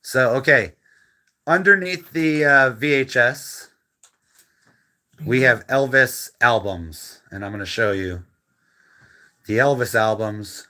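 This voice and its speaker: A man's voice: medium pitch, slow, long pauses, sharp tone. A man casually chatting and rambling as he shows a home media room on a live stream, filmed on a handheld phone. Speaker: channel co-host giving a room tour. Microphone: handheld phone camera.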